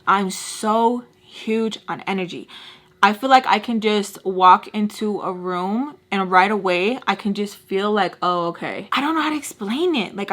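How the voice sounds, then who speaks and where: Chatty woman ranting in a bright voice. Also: mid-range voice. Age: adult with a son and husband. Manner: chatty and animated, heavy use of "like", mimics people in quotes. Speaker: beauty vlogger. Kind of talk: casual storytime rant.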